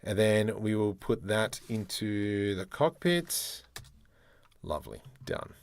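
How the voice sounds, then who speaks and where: A man demonstrating 3D modeling software, thinking aloud in a playful way and muttering keyboard shortcuts and mild exclamations as he works. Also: on the low side, sing-song, slow pace. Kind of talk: screen-recorded software tutorial, thinking aloud.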